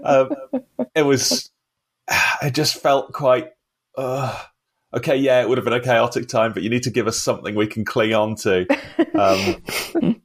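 A man's voice: medium pitch, fairly even intonation, a little slow, pauses often, husky. A man co-hosting a casual film review chat, wry and rambling, laughing often. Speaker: podcast co-host.

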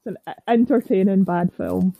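A woman's voice: mid-range voice, sing-song, a little fast, mellow. A woman chatting wryly over a video call, speaking close into a muffled computer mic while lying down. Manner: chatty, wry and teasing. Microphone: muffled computer microphone, speaking up close while lying down.

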